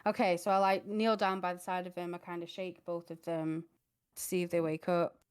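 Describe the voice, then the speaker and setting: Woman playing a tabletop game, lots of ums, lowish voice, dry sound. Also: flat delivery, brisk, clear, resonant tone, dry recording. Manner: hesitant, lots of fillers, giggly. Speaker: player. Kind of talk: casual tabletop game play.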